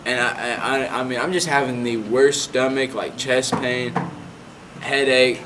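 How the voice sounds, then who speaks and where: A man's voice: mid-range voice, fairly even intonation, measured pace, background noise. A young man in his late teens casually telling a personal story, rambling and filling his talk with "like". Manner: rambling, heavy on "like" fillers. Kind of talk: casual anecdote.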